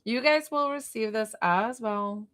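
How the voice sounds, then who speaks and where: A woman running a live-streamed energy healing session, talking calmly through breathing and encouragement with chatty asides. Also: fairly high pitch, measured pace. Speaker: spiritual healer on a livestream.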